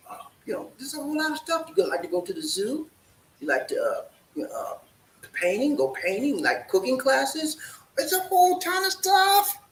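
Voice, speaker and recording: Man coaching his audience in casual talk, lively swings in pitch, recorded in an echoey room with faint noise. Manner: animated, repeats "man", asks rhetorical questions. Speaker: relationship advice host. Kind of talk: casual advice talk to camera.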